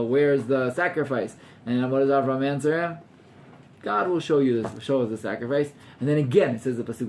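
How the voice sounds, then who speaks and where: A man's voice: mid-range voice, slight background noise. A man, a rabbi teaching an informal class to students, talking animatedly and acting out scenes with gasps while mixing in Hebrew terms.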